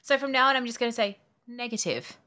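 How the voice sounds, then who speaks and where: A woman's voice: fairly high pitch, quick pace, sharp tone. A woman with an Australian accent, co-hosting a podcast in casual chat, playful and emphatic. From Western Sydney, Australia. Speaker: podcast co-host.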